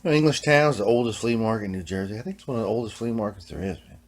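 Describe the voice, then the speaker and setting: A man's voice: on the low side, racing. A man hosting a casual guitar-repair vlog. He talks in a laid-back, rambling way, ends most sentences with "man", and now and then drops into a muttered whisper.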